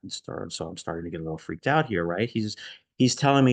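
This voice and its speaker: Gravelly man telling an emotional story. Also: deep voice, expressive, fast talker, no room sound. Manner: emotional, increasingly hushed, shaken. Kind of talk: casual personal storytelling.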